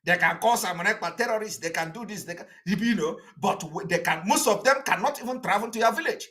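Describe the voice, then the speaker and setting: A Nigerian-accented man delivers an impassioned political address, indignant and combative. His voice is bright and edged, swinging widely in pitch as he drives each point home. He repeats short jabs and sometimes stumbles through fillers. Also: lively intonation, fast talker. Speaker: political activist addressing viewers.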